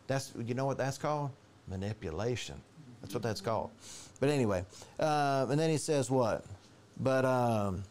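A man preaching a conversational sermon in a church, animated and chatty, acting out quoted voices. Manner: animated, storytelling, jumps to higher pitch for quoted voices. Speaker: pastor.

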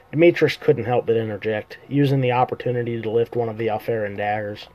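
Mellow-voiced man reading his novel aloud. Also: medium pitch, fairly even intonation, fast, few pauses, rough recording. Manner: self-correcting, casual slips. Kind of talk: live reading of a fantasy novel. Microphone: computer or phone mic on a live stream.

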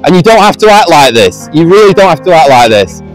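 Street preacher guy, high voice, earnest and pleading, faint music behind. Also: sing-song, a little fast, low-quality recording. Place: outdoors on a busy street.

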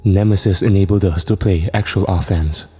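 A pragmatic male agency chief lays out his reasons in a measured tone, voiced by a man. The voice is low and mellow. Reverb and soft music lie behind it. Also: steady tone, husky. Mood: firm. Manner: measured, justifying.

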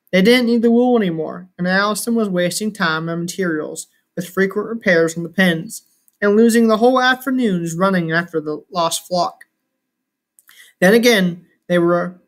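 Brief: plain storybook narrator, unpolished read with restarts, mid pitch. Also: moderate pace. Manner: unpolished reading with slips and restarts. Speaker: reader. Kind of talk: reading a novel aloud.

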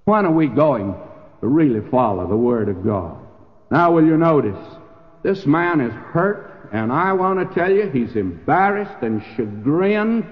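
An older man preaching a sermon in an emphatic, folksy storytelling manner, acting out the quoted lines. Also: a little high. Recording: dull lo-fi recording with hall reverb.

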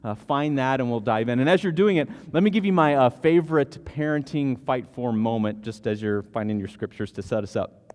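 A man's voice: mid-range voice, lively intonation, a little fast, darkish tone. A man in his thirties preaching a sermon as pastor, telling stories casually with frequent restarts. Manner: conversational storytelling with repeated restarts. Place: church sanctuary. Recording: long church hall reverb.

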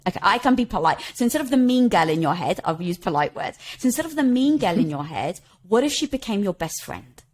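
A middle-aged woman shares her story as a podcast guest. Her delivery is expressive and full of movement in pitch, and she keeps slipping into quoted dialogue with little laughs. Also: quick pace, hardly any pauses. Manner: expressive, laughs while telling stories, quotes herself. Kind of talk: animated conversational storytelling.

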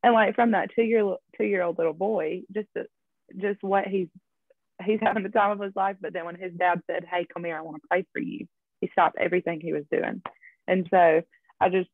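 A woman's voice: medium pitch, fairly even intonation, moderate pace, dry recording, phone-quality sound. A woman guest sharing her faith story in casual interview talk, chatty and full of fillers. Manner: chatty, laughs often, storytelling with many fillers.

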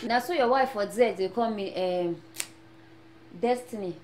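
An actress playing a brash young Nigerian woman just arrived in America, speaking with a Nigerian Pidgin accent and boasting loudly. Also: medium pitch, measured pace, lightly acted. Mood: boastful. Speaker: newly arrived immigrant. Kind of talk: film acting. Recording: echoey room, faint noise.

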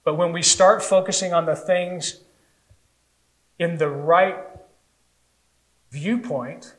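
Animated American man preaching, high voice. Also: slow pace, low-quality recording. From United States. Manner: animated storytelling, acts out little voices. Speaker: pastor. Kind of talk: sermon.

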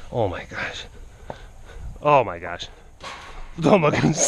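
Man, mid-pitched voice, animal keeper, casual vlog chatter, playful coaxing, repeats himself, occasional hushed tone. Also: very animated, a little slow, pauses often, a little hiss or hum. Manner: playful, coaxing, often repeats phrases to the cubs. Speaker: big cat keeper. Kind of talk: casual narration to camera while working with animals.

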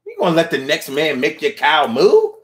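A man's voice: on the high side, wildly swooping pitch, moderate pace, a bit bright. A man delivering a playful, slangy, rambling comedic monologue, at times mooing like a cow.

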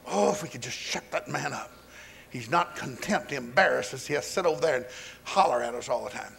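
A man plays a band of pagan priests complaining in low, hushed mutters. They sound resentful, as if they are talking behind someone's back. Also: lively intonation, fairly quick, creaky, slight background noise. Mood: grumbling. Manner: grumbling under the breath.

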